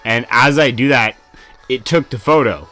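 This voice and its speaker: A man in a loose, rambling conversation, leaning hard on filler words and tossing in casual swears. His voice sits at a middling pitch, and faint music plays underneath. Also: normal speed, bright, forceful tone. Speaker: podcast co-host. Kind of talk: casual chat.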